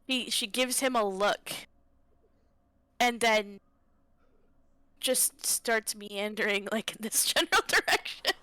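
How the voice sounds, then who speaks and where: A young woman playing a tabletop role-playing game, describing her character's actions in a casual, animated way. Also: fairly high pitch, takes it slowly, long pauses, clear, resonant tone, no room sound, rough recording. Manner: laughing, animated. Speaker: player. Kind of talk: casual role-play narration.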